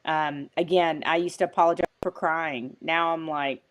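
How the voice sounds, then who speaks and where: A woman guest on an interview show, talking in an emphatic, animated, motivational way with frequent fillers. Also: low voice, moderate pace, slight background noise. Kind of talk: motivational conversational talk.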